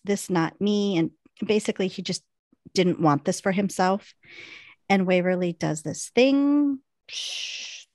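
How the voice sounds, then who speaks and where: Middle-aged woman, animated casual recap of a show, dry close sound. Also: mid-range voice, no echo. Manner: animated retelling, acts out lines. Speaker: podcast co-host. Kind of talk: casual chat recapping a TV episode.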